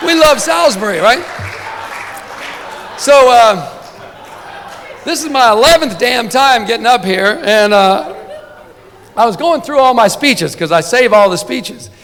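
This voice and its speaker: A man with a fairly high voice tells a wandering, funny story from a banquet podium. He keeps checking in with the crowd with quick asides. The hall behind him carries a long, trailing reverb. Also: expressive, a bit bright, a little hiss or hum. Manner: chatty comic storytelling, frequent "right?" asides. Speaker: sportswriter giving an award speech. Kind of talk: humorous banquet speech.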